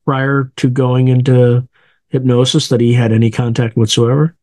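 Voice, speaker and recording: A male host asks his guest long, careful questions, hunting for the right words as he speaks. His voice sits at an average pitch for a man. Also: level tone, moderate pace, a little mellow, dry recording. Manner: thoughtful, searching for words while asking. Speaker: interviewer and host. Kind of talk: interview questions.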